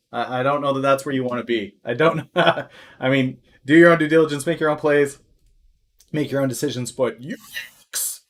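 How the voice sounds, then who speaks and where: On a live stream, a man comments on the stock market at a moderate pace and medium pitch, thinking aloud with plenty of fillers. He breaks into loud, exaggerated alarm and crude joking asides.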